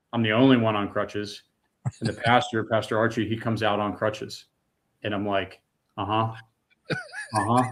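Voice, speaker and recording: A middle-aged man with a mid-range voice shares an emotional personal testimony as a guest on a podcast. He talks casually, dropping words like "dude" and "man".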